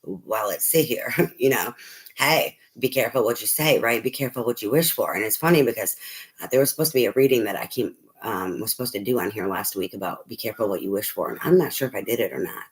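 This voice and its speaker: Rambling low-voiced middle-aged man. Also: fast. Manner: rambling, many fillers and restarts, frank with swearing. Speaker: tarot reader. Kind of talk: casual personal talk to viewers.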